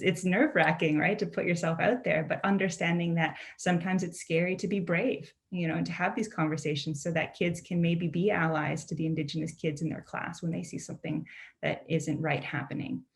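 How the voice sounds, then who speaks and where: A woman's voice: fairly low pitch, steady tone, fairly quick. A young adult woman from a Mi'kmaq community in Canada, giving an earnest, conversational talk as a poet and author over a video call, often asking "right?" and saying "you know". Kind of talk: online presentation talk.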